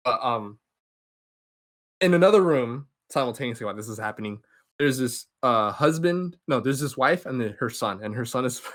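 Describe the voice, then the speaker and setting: A man hosting a podcast, casually recapping a film plot in a rambling, animated way with offhand swearing. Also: mid-range voice, moderate pace. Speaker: podcast host.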